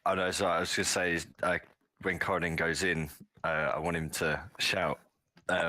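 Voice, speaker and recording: A man's voice: low voice, little pitch movement, fairly quick, sharp tone, no room sound. A man playing in a tabletop game who hesitates as he describes what his character does. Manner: hesitant, full of "uh"s. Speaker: player.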